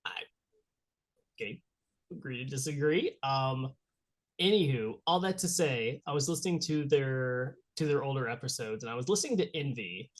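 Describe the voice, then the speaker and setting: A man's voice: medium pitch, lively intonation, normal speed. A married man co-hosting a podcast, with dry, wry banter in casual chat. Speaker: podcast co-host.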